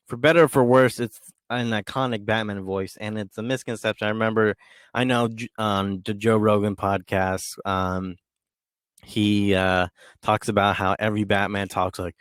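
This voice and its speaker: A man talking on his own podcast in a lowish voice, recorded close and dry with no room sound. He rambles casually, full of ums and restarts. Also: clean tone, dry recording. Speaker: podcast host. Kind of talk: casual solo monologue.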